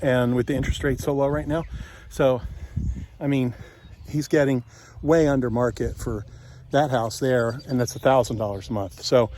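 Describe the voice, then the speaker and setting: A folksy middle-aged man from Kentucky talks through a property tour, joking as he walks and sounding a little out of breath. His voice sits at an ordinary middle pitch, and a faint hiss of background noise runs under it. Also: fairly even intonation, normal speed, darkish tone. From Kentucky, USA. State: winded from walking uphill. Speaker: real estate investor vlogger. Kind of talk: casual walking home tour. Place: outdoors and inside a house on a property tour.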